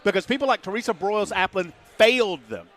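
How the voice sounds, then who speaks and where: A man hosts live talk radio from a remote venue, emphatic and argumentative but quick to laugh. His voice is high-pitched with a fairly bright tone.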